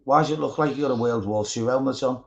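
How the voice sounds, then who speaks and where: A man's voice: medium pitch, fast talker, gravelly, roomy sound, muffled recording. A man with a Scouse accent chatting casually while painting miniatures, rambling into stories and swearing freely. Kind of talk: casual chat.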